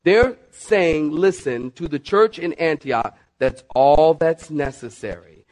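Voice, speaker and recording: A middle-aged male pastor preaches with an emphatic, pressing delivery. He keeps calling on his listeners and swings between quick runs and slow, stressed words. His voice sits fairly high for a man. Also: lively intonation, a little mellow. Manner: emphatic, repeats "listen" and "saints", varies pace sharply. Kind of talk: sermon.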